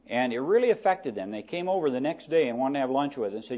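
A man's voice: mid-range voice, expressive, a little mellow. A man preaching, dull lo-fi recording. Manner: reads scripture slowly, then talks plainly to the congregation. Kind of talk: sermon. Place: church.

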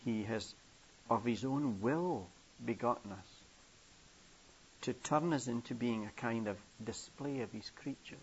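An older man from England preaching a storytelling sermon, acting out characters' voices inside his stories. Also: a little slow. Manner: acts out children's voices in a high pitch within stories. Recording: muffled, hissy old tape.

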